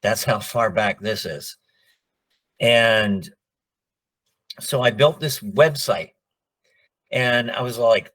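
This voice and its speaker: A man's voice: fairly low pitch, slow pace, pauses often. A middle-aged man, a voice actor, telling stories in a casual interview and acting out the people he quotes. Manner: animated, acts out quoted dialogue. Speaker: voice actor guest.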